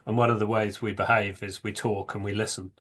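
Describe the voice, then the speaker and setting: A man's voice: fairly low pitch, level tone, a little fast, a bit bright. A man hosting an interview podcast, asking questions in a thoughtful, polite way with a few hesitations. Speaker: podcast host. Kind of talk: casual interview.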